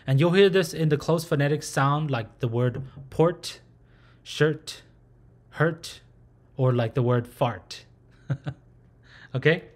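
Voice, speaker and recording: A man's voice: fairly high pitch, takes it slowly, pauses often. A man giving an online language lesson, patiently modeling each sound over and over with many fillers. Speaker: language teacher.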